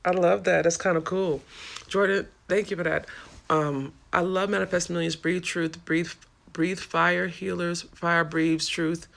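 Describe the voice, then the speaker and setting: A woman talking straight to her live-stream audience, tired but impassioned, dropping swear words as she goes. Her voice has a gravelly edge over a bright, forward tone. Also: lowish voice, flat delivery, a little slow. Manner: impassioned, swearing, talks to viewers as y'all. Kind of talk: casual live-stream chat reading comments.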